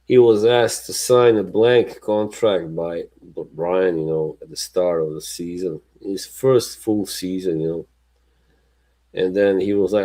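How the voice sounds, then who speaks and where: A man's voice: low-pitched, fairly even intonation, measured pace, warm tone, poor audio. A man hosting a livestream in casual chat, rambling and laughing often between remarks. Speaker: livestream host.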